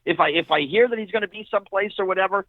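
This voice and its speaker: A middle-aged man chats as a guest, spinning animated stories and slipping into the voices of the people he quotes. His voice sits slightly high and comes through a narrow, tinny phone line. The sound is dry, with no room around it. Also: very fast, no echo. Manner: animated storyteller who acts out quoted dialogue. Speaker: interview guest, actor. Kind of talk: casual interview storytelling.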